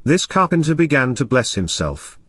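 Man narrating an audiobook, lively tone. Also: mid-range voice, husky, no echo, clean studio sound. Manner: measured storytelling.

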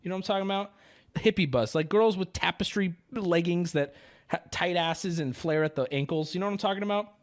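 A man's voice: high-pitched, brisk. A man hosting a livestream, chatting casually to his audience in a profane, ranting, sarcastic way and drifting into rambling stories. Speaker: livestream host.

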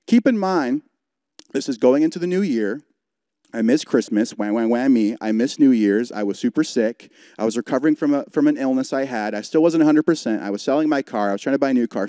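Young guy preaching, warm mellow voice, chatty and earnest, lots of "like", dry close sound. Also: mid-range voice, no echo. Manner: earnest, conversational, frequent "like" fillers. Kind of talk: storytelling sermon. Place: church service broadcast.

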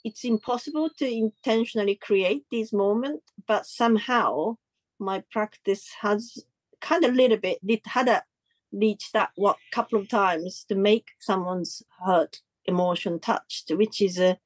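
In a casual interview, a woman artist speaks at a measured pace with no room sound. She searches for words, restarting often, and her pitch leaps lively when she tells stories.

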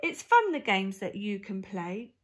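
A woman's voice: mid-range voice, very animated, unhurried. A woman voicing big pants-hoarding dinosaurs in a children's picture book reading, in a blustering storybook manner.

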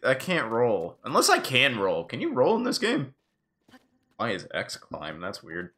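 A man's voice: medium pitch, bright, forceful tone. A man streaming a video game live and chatting casually, joking and swearing freely as he plays. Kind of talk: casual live gameplay commentary.

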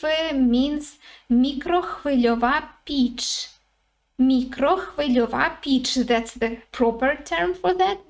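Lady teaching words, slow and patient, repeats stuff a lot. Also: high voice. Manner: repeats each word slowly, with many "uh"s. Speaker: language teacher. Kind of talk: vocabulary lesson.

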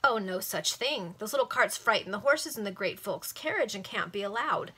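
A woman's voice: medium pitch, lively intonation, moderate pace, pushed and bright, slightly rough. A woman voicing a pompous, overbearing male police inspector who gives curt commands. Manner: curt, commanding, self-important.

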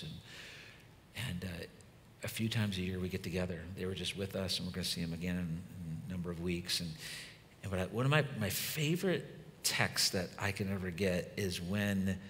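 A man in his fifties preaching a conversational sermon, swinging from loud emphasis to hushed, soft lines. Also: deep voice, slight background noise. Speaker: pastor. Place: church hall. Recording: long hall reverb.

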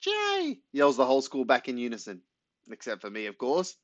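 Lively male storybook narrator. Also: brisk, dry recording. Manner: lively, animated storytelling with pitch jumps. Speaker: audiobook narrator. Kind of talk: scripted first-person narration. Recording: dry, slightly muffled studio read.

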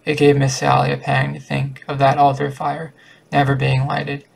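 A man reading a short story aloud as an amateur audiobook narrator, halting at times with slips and restarts. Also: mid-range voice, completely flat delivery, creaky, rough recording. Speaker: audiobook reader.

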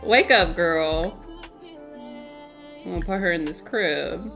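A woman's voice: fairly low pitch, takes it slowly, vocal fry, music in the background. A woman streaming a game in casual, chatty commentary, laughing often and talking to her chat.

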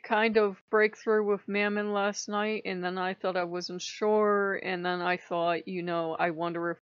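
A woman's voice: mid-range voice, flat delivery, unhurried, clean tone, dry recording, dull audio. A woman hosting her own channel, telling a personal story in a frank, rambling way and swearing often. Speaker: spiritual channel host. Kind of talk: emotional personal vlog.

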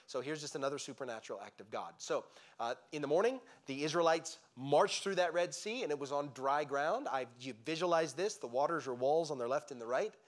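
A man teaching a Bible lesson in a church, telling the story with lively emphasis and frequent restarts. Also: medium pitch. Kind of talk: sermon-style Bible teaching. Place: church sanctuary.

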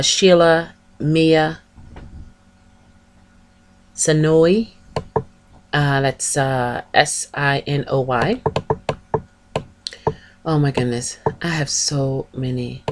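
Low, slow-talking woman vlogger. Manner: chatty, gushing, spells out names. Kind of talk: casual chat, shouting out channels.

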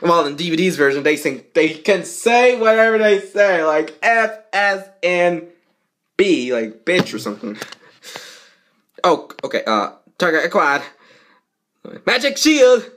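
A young man reads a fan story aloud in a loose, chatty way. His voice sits a bit high for a man and swoops around a lot. He keeps drifting into side comments. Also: lively intonation, unhurried, a bit bright, a little hiss or hum. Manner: rambling, jumps into squeaky character voices. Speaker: fanfic reader. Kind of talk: casual fanfic read-aloud with comments.

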